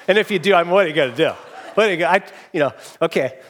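A man in his forties preaching a sermon from a church stage, telling a story in an animated, rambling way with frequent restarts. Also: fairly high pitch, rapid-fire. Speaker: pastor.

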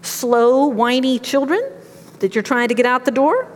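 A woman's voice: sits high, unhurried, a little hiss or hum. Middle-aged woman preaching in a reverberant hall. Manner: conversational storytelling, animated. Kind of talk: sermon with personal stories.

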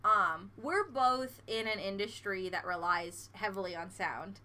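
A woman's voice: mid-range voice, a little slow. A woman co-hosting a casual chat, telling stories with lots of laughter and restarts. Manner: giggly, animated storyteller; trails off and restarts mid-sentence.

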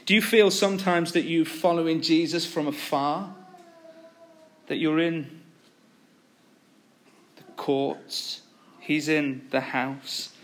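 A man preaching a sermon, retelling a story with animated, acted-out quotes. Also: a little high, slow, long pauses.

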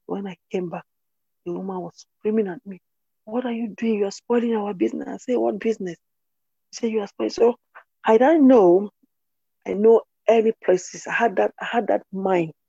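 A woman's voice: on the low side, creaky, dark tone, husky, dry recording. A woman from Cameroon, giving an earnest personal testimony in an interview and repeating phrases for emphasis. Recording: dull, dry lo-fi recording.

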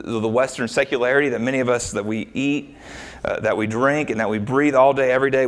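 Male pastor mid-sermon, lively up-and-down delivery, casual asides and rhetorical questions. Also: medium pitch. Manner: animated, rhetorical questions, frequent uh fillers.

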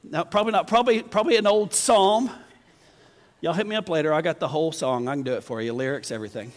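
A man preaching a folksy, animated sermon to his congregation. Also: a little high, fast talker. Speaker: pastor. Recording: long reverb of a church hall.

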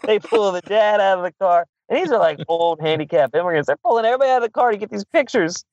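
A man's voice: high-pitched, lively intonation, fast talker, darkish tone, no room sound, muffled recording. A man telling a long funny story in casual chat, swearing freely and laughing often. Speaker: podcast guest.

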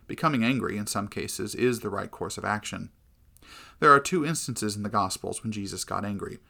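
A man giving a measured, earnest scripted narration of a Christian devotional book. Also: lowish voice, gravelly, bright, forceful tone.

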